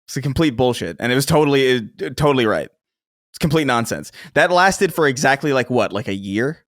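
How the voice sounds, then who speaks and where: A man's voice: medium pitch, lively intonation, brisk, no room sound, studio quality. A man co-hosting a podcast who talks bluntly and emphatically in casual chat.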